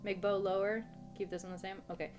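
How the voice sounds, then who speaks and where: A woman's voice: mid-range voice, little pitch movement, fast, music in the background. A woman livestreaming a game, chatting playfully with her viewers and laughing often. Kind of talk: casual let's-play chat.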